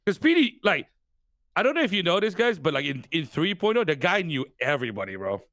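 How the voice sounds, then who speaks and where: Animated, high-voiced man chatting. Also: brisk, dry recording, clean studio sound. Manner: animated, laughs a lot, swears freely. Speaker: podcast guest. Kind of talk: casual chat.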